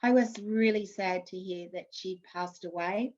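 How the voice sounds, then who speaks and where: The recording is muffled as a former Australian TV actress in her fifties unhurriedly shares anecdotes in a casual interview. Her medium-pitched voice sounds a little mellow, and she restarts frequently.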